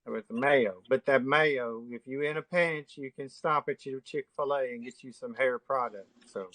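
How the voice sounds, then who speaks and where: Goofy bright-voiced man rambling. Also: medium pitch, normal speed, dry recording. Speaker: live-stream participant. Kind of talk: casual joking chat.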